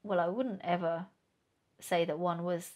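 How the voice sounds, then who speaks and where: A woman in her thirties, a podcast guest, telling a personal story with lively acted-out dialogue and frequent laughter. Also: on the low side, a little slow. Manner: animated storyteller, acts out quoted dialogue, laughs often.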